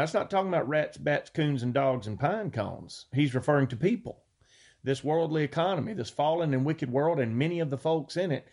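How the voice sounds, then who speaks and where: A man preaching a sermon, reading scripture slowly and earnestly and stressing key words. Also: mid-range voice. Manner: earnest, drawn-out scripture reading with rising emphasis.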